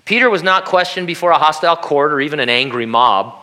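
A man's voice: fairly high pitch, expressive, fast, sharp tone. A man preaching a sermon in a conversational way, with humorous asides and acted-out quotes. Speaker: pastor.

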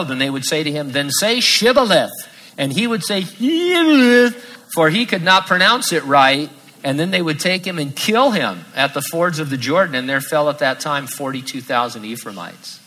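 A man preaching a sermon, lively and acting out the voices in his quotes. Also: mid-range voice, low-quality recording. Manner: animated, acts out quoted voices. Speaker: pastor.

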